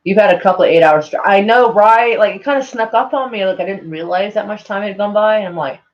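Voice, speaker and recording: On a live stream, a man with a noticeably high voice talks fast in casual, rambling chat, looping through "like" and swearing freely. A mild speech impediment colours his words, and the audio is dull and lo-fi, like a cheap home setup.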